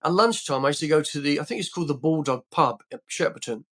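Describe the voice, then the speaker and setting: A man's voice: on the high side, expressive, quick pace, fairly bright tone. An older man from England, a podcast guest telling rambling anecdotes in a casual way, full of restarts and fillers.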